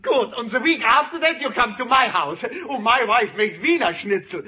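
An actor playing a jolly, joking immigrant classmate, in a 1940s radio sitcom. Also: male voice, very high voice, animated, a crowd in the background. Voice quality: slow, joking. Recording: old radio show with loud studio audience.

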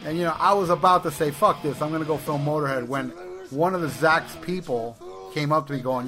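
A man's voice: on the high side, moderate pace, over music. A man co-hosting a podcast, telling long casual anecdotes with restarts and swearing. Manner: rambling anecdotes with restarts and profanity. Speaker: podcast co-host. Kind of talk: casual chat, storytelling.

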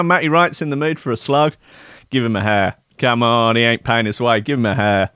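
A man's voice: mid-range voice, moderate pace, fairly bright tone, faint music behind. Rambling, profane man host. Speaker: show host. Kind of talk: casual chat.

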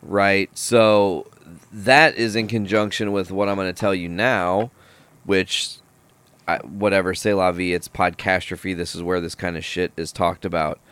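A young adult man hosting a podcast, telling stories in a casual, profane, animated way. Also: sits low, measured pace, clean tone. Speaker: podcast host. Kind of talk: casual podcast chat, storytelling.

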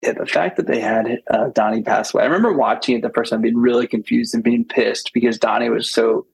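Gravelly, husky-voiced man talking movies. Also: medium pitch, steady tone, quick pace, poor audio. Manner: enthusiastic, rambling, frequent restarts and laughs. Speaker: podcast co-host. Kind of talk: casual chat about a film.

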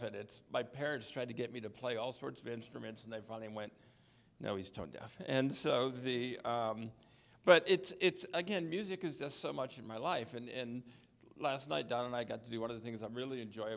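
A man's voice: medium pitch, gravelly. A man, a pastor, talking loosely in a church service, self-deprecating and rambling with many fillers. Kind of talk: casual sermon talk.

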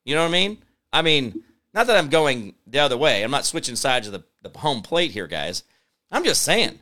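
A man's voice: medium pitch, sing-song, moderate pace, bright, forceful tone. A man hosting a political commentary show, ranting sarcastically and mocking others with put-on voices. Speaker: host.

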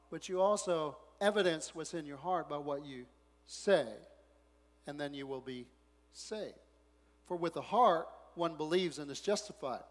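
A man pastor preaching a sermon, reading scripture quietly, then rising into loud, excited preaching. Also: sits high, in a large hall.

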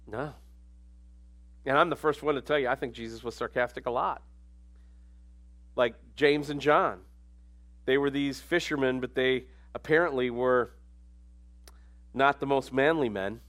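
A man preaching a sermon in a conversational way, dropping to quiet asides and then rising into emphatic lines. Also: medium pitch, unhurried, long pauses.

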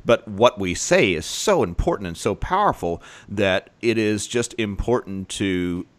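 Deep voiced guy on a podcast, voice swings up and down a lot, thoughtful, laughs easy. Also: expressive, unhurried. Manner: reflective, laughs easily. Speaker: podcast co-host. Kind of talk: casual chat.

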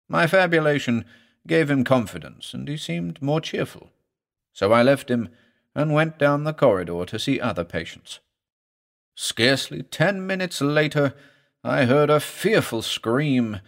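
A man narrating a horror story for an audiobook in a grave, measured, dramatic way. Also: mid-range voice, sing-song, a bit bright.

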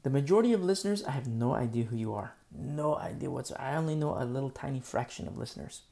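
Gravelly-voiced male preacher. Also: medium pitch, lively intonation, fast. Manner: earnest, moves between soft pleading and emphatic outbursts. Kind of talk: sermon.

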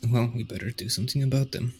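A man's voice: medium pitch, quick pace, slight background noise. A man playing a tabletop game, laying out plans in a decisive way. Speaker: player. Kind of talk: casual tabletop play.

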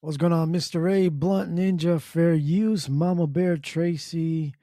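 A man's voice: a little high, steady tone, a little slow, dark tone, no echo, studio quality. A man hosting a casual morning podcast in a laid-back, jokey way, greeting his listeners by name. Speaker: podcast host.

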